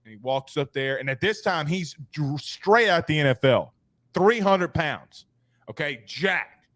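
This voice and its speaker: With a slightly high male voice and a totally dry sound, this podcast host rattles off sports stories at speed. He's lively and loose, peppering his tales with slang.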